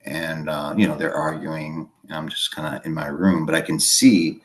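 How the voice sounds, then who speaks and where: Deep-voiced guy w a boston accent rambling thru a story, lots of ums. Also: flat delivery. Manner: rambling, halting, full of fillers. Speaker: podcast guest. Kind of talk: casual storytelling.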